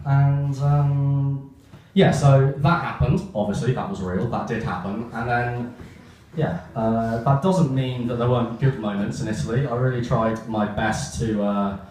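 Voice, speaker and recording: A young man performs a stand-up set, his deadpan asides pointing out his own jokes. His voice sits at an ordinary pitch and sounds distant, in a very echoey room with a faint hiss behind. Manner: deadpan asides, self-aware about the joke. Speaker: stand-up comedian. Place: comedy stage. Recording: echoey room heard from far off.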